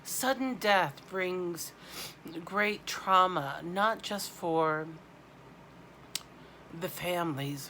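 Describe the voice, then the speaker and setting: A woman doing an intuitive oracle card reading, unhurried and halting, with a lowish voice. She sounds heartfelt and spiritual, pausing often between phrases. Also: bright, forceful tone, a little hiss or hum.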